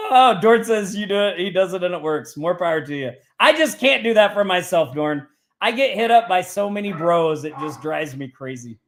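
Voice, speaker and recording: Chatty high-voiced man hosting a live show. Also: animated, measured pace, a bit bright. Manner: chatty, reads example texts aloud, talks to chat by name. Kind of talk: casual screen-share teaching.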